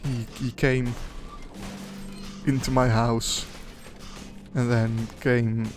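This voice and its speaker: A man's voice: medium pitch, level tone, very slow. A young man giving casual, rambling, crude and jokey commentary over a game he is playing. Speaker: gaming commentator. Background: background music.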